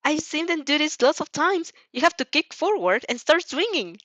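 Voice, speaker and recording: A woman's voice: high-pitched, sing-song, normal speed, a bit bright, no room sound, pitched above the performer's own voice. A woman voicing a timid young girl who is a shadow, speaking small and unsure, in a dull lo-fi recording. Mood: excited. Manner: small, insecure, then giddy.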